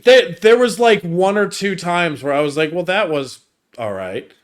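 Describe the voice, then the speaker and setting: A man's voice: sits high, lively intonation, moderate pace. Hesitant man in a casual movie review chat. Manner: hesitant, repeats words, trails off quietly. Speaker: movie review podcast co-host.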